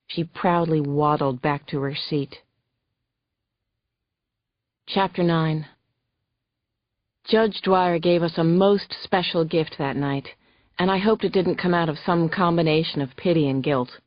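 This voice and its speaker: A woman narrating a thriller audiobook in the first person, steady and measured. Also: sits low, no echo, lo-fi sound.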